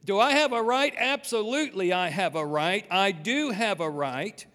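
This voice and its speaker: A man's voice: high voice, animated, unhurried, a bit bright. A preacher acting out an angry, defiant man arguing with God. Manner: heated, insistent. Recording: long hall reverb.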